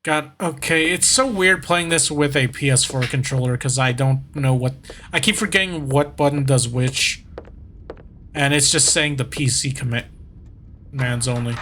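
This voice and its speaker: A man's voice: mid-range voice, normal speed, pushed and bright, a little hiss or hum. A man giving casual, rambling commentary while playing a horror game as a streamer. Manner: rambling, chatty, self-correcting. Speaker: gaming streamer. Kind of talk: casual let's-play commentary.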